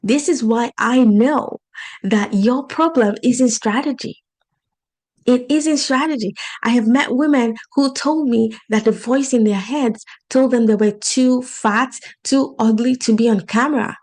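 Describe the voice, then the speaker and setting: Unhurried and a touch high, with a darkish tone, this accented woman addresses her listeners directly on her solo podcast. As a life coach and host whose English is not her first language, she sounds earnest and encouraging.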